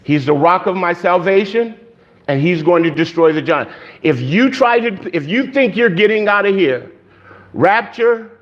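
A man's voice: sits high, lively intonation, a little slow, highs cut off. A man preaching a sermon in a conversational way, checking in with the congregation with frequent "okay?". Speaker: pastor.

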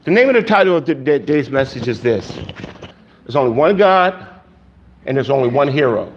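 A man's voice: mid-range voice, big pitch swings, moderate pace, lo-fi sound, a little hiss or hum. A man preaching a sermon in a conversational way, checking in with the congregation with frequent "okay?". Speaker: pastor.

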